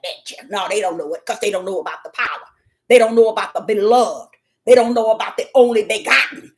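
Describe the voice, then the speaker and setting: Fervent woman preaching, high and lively. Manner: fervent, swings from shouting to hushed. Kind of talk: impassioned sermon.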